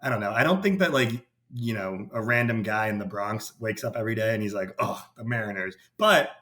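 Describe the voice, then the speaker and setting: A man's voice: on the low side, a little fast. A man talking casually as a podcast guest, loose and rambling, full of "like" and asides. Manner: relaxed, rambling, heavy use of "like". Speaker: podcast guest, baseball writer.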